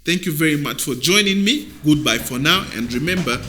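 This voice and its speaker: A man hosting a motivational video, speaking emphatically like a preacher, dropping to near-whispers and then rising loud. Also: on the high side, expressive, a little fast, soft background music. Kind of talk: motivational talk.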